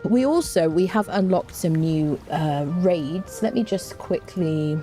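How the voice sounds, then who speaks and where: A woman streaming a game live, talking through her play in a relaxed, chatty way with plenty of fillers and answering chat. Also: lowish voice, takes it slowly, soft background music. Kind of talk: live gameplay commentary, reading chat.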